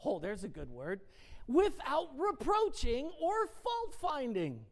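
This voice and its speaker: A woman's voice: high voice, wildly swooping pitch, slow pace, darkish tone. A woman giving a casual devotional Bible teaching. She reads word definitions aloud, lingers on single words and asks her listeners rhetorical questions. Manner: emphatic, dwells on single words.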